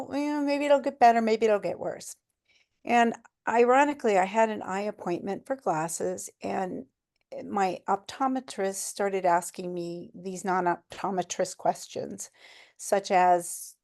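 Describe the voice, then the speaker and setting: A woman's voice: on the low side, darkish tone. A middle-aged woman telling her own cancer story in a candid, conversational way, with small laughs along the way. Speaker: cancer survivor speaker. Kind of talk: personal storytelling talk.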